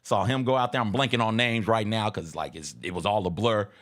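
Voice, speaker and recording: A man's voice: fairly low pitch, brisk. A man co-hosting a radio show, telling a story in casual chat with restarts. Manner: lively, animated, with frequent restarts and laughs.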